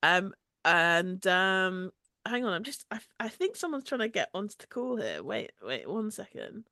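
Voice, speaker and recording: A woman's voice: medium pitch, sing-song, a little slow, pushed and bright, no room sound, studio quality. A woman co-hosting a podcast in casual, chatty talk with fillers and laughs. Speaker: podcast co-host.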